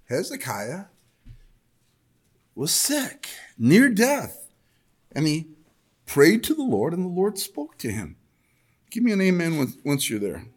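Man preaching with a slightly high voice. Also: sing-song, slow pace, long pauses, a little mellow, breathy edge. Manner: conversational, reads scripture aloud with rising intensity. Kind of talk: sermon with scripture reading.

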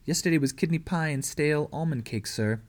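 A man's voice: on the high side, fairly quick, voice pushed up, natural voice. A man doing a young servant girl in a storybook reading, voice pushed well up, polite and careful, every answer deferential. The reader takes on her wary manner. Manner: deferential, ends with "sir".

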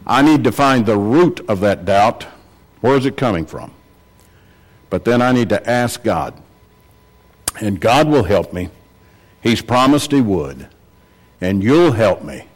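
An earnest male preacher delivering a sermon in a church. He repeats his points for emphasis and lifts his voice when he drives them home, in a mid-pitched voice. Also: poor audio.

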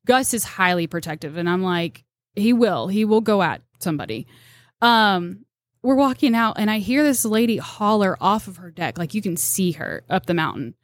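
A woman's voice: mid-range voice, no echo, studio quality. Chatty woman telling stories. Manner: animated, acts out quotes, laughs often. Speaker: deer tracker, podcast guest. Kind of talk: casual storytelling chat.

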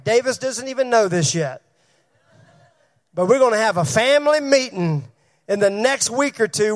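A man preaches a sermon in church, his voice pitched very high. He asks the congregation questions and calls on people by name as he goes. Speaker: pastor.

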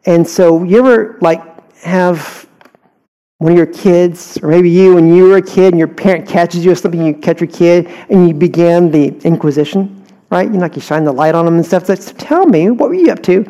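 Brief: Texan man teaching scripture, easygoing, mellow voice, slightly higher pitch. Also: fairly even intonation, moderate pace, low-quality recording. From Houston, Texas. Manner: conversational, asks listeners rhetorical questions. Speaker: Bible teacher. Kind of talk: verse-by-verse Bible teaching.

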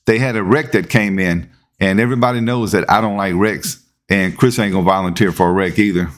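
A man, telling a story as podcast host in a relaxed, conversational way. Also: deep voice, a little fast. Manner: laid-back, conversational, repeats words when building up. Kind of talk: casual storytelling.

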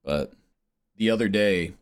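A man's voice: fairly low pitch, a little slow, clear, resonant tone. A man hosting a podcast in a rambling casual monologue, meandering and swearing with self-mocking chuckles. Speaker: podcast host.

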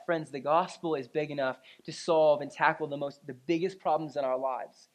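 A woman preaching a sermon, telling an animated personal story with frequent "right?" and "you know?" asides to the congregation. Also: deep voice.

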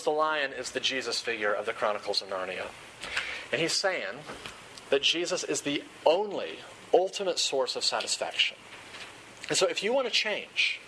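A man preaching a sermon in an earnest, emphatic way, slowing down for dramatic points. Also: fairly high pitch, background noise.

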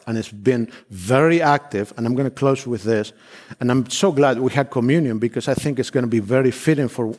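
A man's voice: medium pitch, a little mellow. A man from Argentina preaching in a middle-range voice. He gives fervent, emphatic declarations, often repeating himself. His phrasing has frequent restarts and non-native turns. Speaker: visiting missionary preacher. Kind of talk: sermon with personal testimony.

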